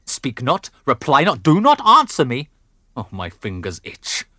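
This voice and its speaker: A man's voice: mid-range voice, expressive, measured pace, no echo. Brief: actor as a middle-aged noble father in a rage, mid-range voice, dry studio sound. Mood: raging. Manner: blustering, swings from growls to shouts. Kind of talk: classical stage drama.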